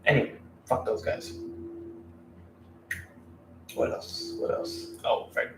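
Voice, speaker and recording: A man giving blunt dating advice in a casual, rambling, profane rant to camera. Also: takes it slowly. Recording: roomy room, mic at a distance, faint background noise.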